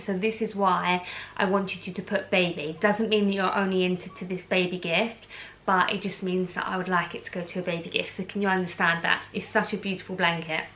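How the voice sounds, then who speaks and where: A pregnant young woman from the UK hosts a charity giveaway on her chatty vlog, gushing enthusiastically and peppering her speech with "um" and "like." Her voice is on the low side and a bit bright, in a low-quality recording.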